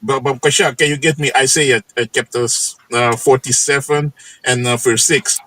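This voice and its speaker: Bright-voiced man preaching casually. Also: mid-range voice, steady tone, moderate pace, poor audio. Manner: loose and conversational, tags lines with "man" and "you know". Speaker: livestream host and preacher. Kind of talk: casual scripture teaching on a livestream. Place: home setting in the Netherlands.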